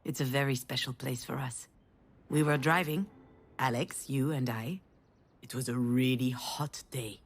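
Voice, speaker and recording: A woman voicing a mother in a video game, telling a family memory in a warm storytelling manner. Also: rumbling low, measured pace. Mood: tender. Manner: warm storytelling, rising to excited cries. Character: tender mother remembering a family trip.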